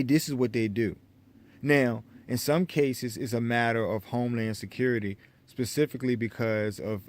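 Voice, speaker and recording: An American man giving an opinion monologue to his viewers, lecturing them with many halting restarts. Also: on the low side. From United States. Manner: lecturing, repetitive restarts, addresses viewers as folks. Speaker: vlogger.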